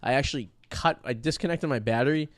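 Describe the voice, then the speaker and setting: A man's voice: medium pitch, fast, no room sound. A man in his thirties with a Boston accent, hosting a podcast and trading crude, joking banter in a studio. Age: 30s. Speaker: podcast host. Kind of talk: casual chat. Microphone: studio microphone.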